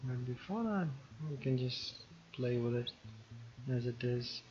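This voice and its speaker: Slow-talking man muttering as he paints. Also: medium pitch, animated, a little mellow. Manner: mutters to himself, repeats words. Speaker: painting streamer. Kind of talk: casual commentary while painting. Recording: dull lo-fi audio with music behind.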